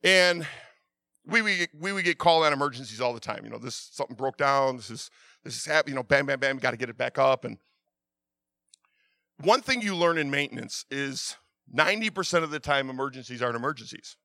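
A middle-aged man preaching a sermon, telling stories with many restarts and swinging from loud urging to quiet asides. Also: medium pitch, animated, a little fast, no echo. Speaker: pastor.

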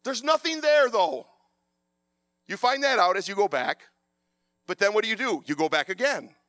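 A man preaching a sermon, passionate and animated, with a loud voice. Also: sits high, moderate pace, no room sound, studio quality.

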